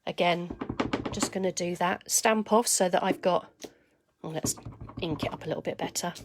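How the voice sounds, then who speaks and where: A woman hosting a live papercraft demonstration, chatting to viewers by name as she stamps and dropping to quiet asides while she works. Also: on the low side, normal speed, noisy background. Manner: chatty, greets viewers by name mid-task.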